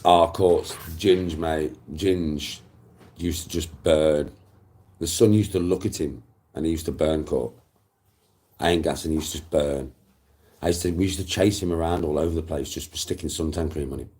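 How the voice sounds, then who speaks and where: A man's voice: a bass voice, fairly even intonation, normal speed, darkish tone. A middle-aged man, telling rambling stories in casual, profane chat and repeating himself as he goes.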